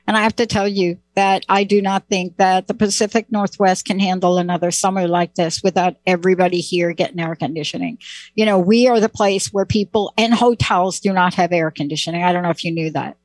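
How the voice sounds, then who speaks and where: A woman's voice: fairly low pitch, steady tone, fairly quick, dry recording. Enthusiastic woman host, dry sound. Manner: enthusiastic and conversational. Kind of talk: casual talk show chat.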